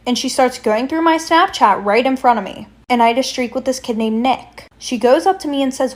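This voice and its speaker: Young woman spilling a storytime, kinda high voice, blunt, swears a lot, talks right to viewers. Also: fairly quick, hardly any pauses. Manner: blunt, swears freely, chatty asides to viewers. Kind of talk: casual storytime.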